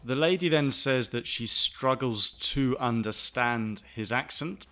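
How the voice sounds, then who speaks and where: A man from the south of England with a Southern English accent, explaining English vocabulary to learners in a clear, deliberate way. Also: medium pitch, pushed and bright, soft background music. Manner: clear, deliberate, spells words out. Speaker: English teacher, podcast host.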